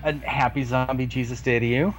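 A man co-hosting a podcast who fires off quick, deadpan quips in casual chat. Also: mid-range voice, faint music behind, low-quality recording. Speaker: podcast co-host.

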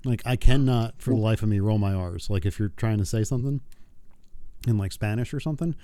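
Male co-host from New Jersey, chatty and loose, low warm voice, dry sound. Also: fairly quick, no echo. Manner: chatty, laughs often, many filler likes. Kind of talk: casual chat.

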